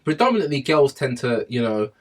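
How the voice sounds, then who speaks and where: A man, a podcast co-host in casual chat among friends, animated and often breaking into loud laughter. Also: mid-range voice, brisk. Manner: animated, laughs loudly, trails off and restarts.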